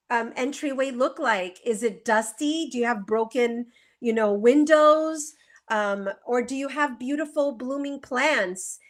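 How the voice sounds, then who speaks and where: On a live video call, a woman who practices feng shui explains things earnestly in a conversational interview, using lots of fillers and rhetorical questions. Her voice is fairly high-pitched and fairly bright.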